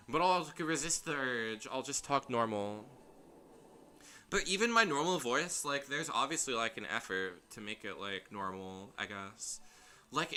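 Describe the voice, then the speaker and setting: A young man streams a game with casual let's-play commentary, rambling and chatty, laughing at himself often. His mid-range voice is lively in intonation, normal in speed, and sounds pushed and bright. Faint game music plays behind him.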